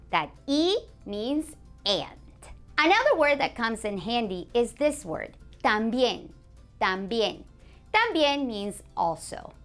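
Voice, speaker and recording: A woman teaching a beginners' language lesson, a native Spanish speaker who says example phrases slowly and clearly and praises the learner. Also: fairly high pitch, fairly bright tone. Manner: clear, slow modeling of example phrases, encouraging.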